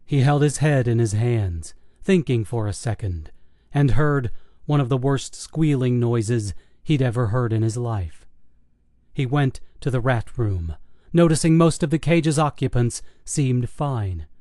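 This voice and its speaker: A man's voice: medium pitch, no echo, clean studio sound. Man narrating a horror audiobook. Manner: steady, measured storytelling.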